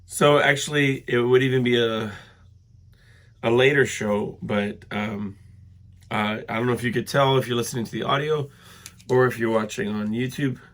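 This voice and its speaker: Congested man with a gravelly voice. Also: medium pitch, steady tone, moderate pace, fairly bright tone. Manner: rambling, frequent fillers and throat clearing. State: sick and congested. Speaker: podcast host. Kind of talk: casual solo podcast talk.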